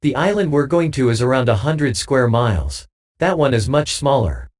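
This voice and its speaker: A man's voice: medium pitch, sing-song, normal speed, darkish tone. A man voicing a cautious, factual male passenger in an audiobook.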